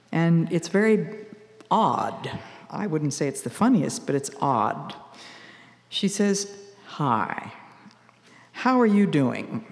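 An older woman giving an earnest, measured radio devotional talk, quoting scripture as she teaches. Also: low voice, a little mellow, long reverb tail.

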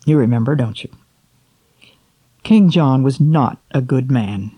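A woman reading a poem aloud to children, then drawing a moral, slow and expressive, asking her listeners questions. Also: a bass voice, husky, dry recording. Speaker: storyteller for children.

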